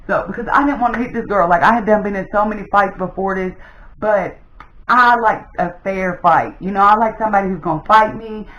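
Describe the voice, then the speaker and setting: Chatty woman storyteller, lively delivery, recorded in a roomy space on a slightly muffled mic. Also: medium pitch, moderate pace. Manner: animated, addresses viewers as "y'all". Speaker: storytime vlogger. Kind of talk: casual storytelling.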